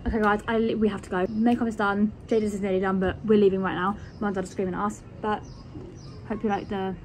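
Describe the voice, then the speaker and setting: A young woman chats to her viewers in a loose, rambling way, stringing thoughts together with plenty of "like". Her voice sits at a middling pitch. A faint ambient hum runs underneath. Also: flat delivery, fast. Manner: chatty, rambling, full of "like". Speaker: vlogger. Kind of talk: casual vlog chat.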